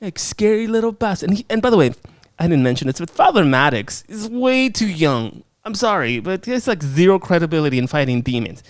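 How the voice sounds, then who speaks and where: A man hosting a podcast, casually reviewing a horror film in a profane, animated way and acting out scenes. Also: on the high side, fairly quick, no room sound, clean studio sound.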